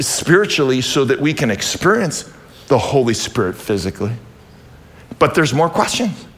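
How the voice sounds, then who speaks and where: A male pastor with a high voice preaches in church. He swings from loud, excited bursts to soft asides, reading verses and firing questions at the congregation. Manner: animated, swings between loud exclamations and quiet asides; reads scripture aloud and asks the audience questions. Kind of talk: sermon.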